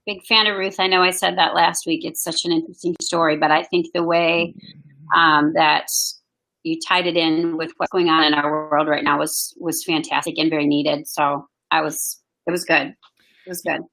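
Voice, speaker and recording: Earnest woman pastor, bright gravelly voice. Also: low voice, flat delivery, moderate pace, poor audio. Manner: earnest, soft-spoken and heartfelt. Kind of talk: casual conversation.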